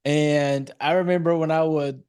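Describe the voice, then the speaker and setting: A man's voice: on the high side, steady tone, normal speed, darkish tone, smooth, no room sound, studio quality. A man from South Carolina with a Southern accent, casually co-hosting a podcast and telling rambling, profane stories. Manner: profane, rambling storyteller with a country drawl. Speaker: podcast co-host. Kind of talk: casual chat.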